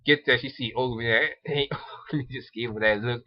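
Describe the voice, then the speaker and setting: A man's voice: medium pitch, a little fast. Rambling man recapping an anime episode. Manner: rambling, many ums and restarts, laughs often. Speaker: anime reviewer. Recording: dull lo-fi recording.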